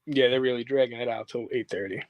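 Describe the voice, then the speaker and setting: A man's voice: mid-range voice, fast, no room sound. A man co-hosting a live wrestling watch-along, laid-back and teasing. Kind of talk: casual live commentary chat.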